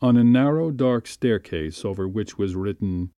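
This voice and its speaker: A man reading a classic short story aloud in a measured, unhurried way. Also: on the low side, lively intonation, warm tone, dry recording, clean studio sound. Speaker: narrator.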